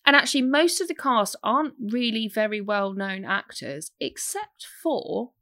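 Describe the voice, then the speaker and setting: A young woman co-hosting a casual podcast chat, animated and swearing freely. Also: fairly high pitch, unhurried, no room sound, studio quality. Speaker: podcast co-host.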